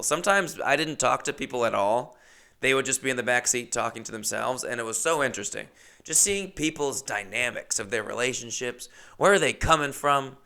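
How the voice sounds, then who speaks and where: A young man telling comic stories in an animated, jokey, chatty way. His voice is gravelly yet bright, and it comes across crisp and clear. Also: mid-range voice. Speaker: comedian host. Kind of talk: comedic storytelling monologue.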